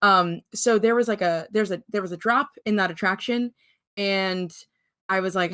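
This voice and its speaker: A woman's voice: lowish voice, fairly even intonation, moderate pace, fairly bright tone. A young woman in her twenties, a podcast guest, telling a story in casual chat and laughing often between her words. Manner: giggly, laughs through her stories.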